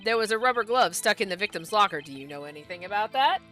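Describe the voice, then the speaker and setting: An earnest young defense attorney questions a witness with plain, direct persistence, as a woman reads him. The voice is bright and clear, with faint music in the background. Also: medium pitch, lively intonation, fast. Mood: questioning.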